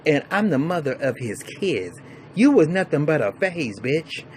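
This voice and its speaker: A man voicing a fierce wife who curses out a rival woman, in a raised put-on falsetto. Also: sing-song, unhurried, a little hiss or hum. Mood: defiant. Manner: cursing, squared-off, high put-on female voice.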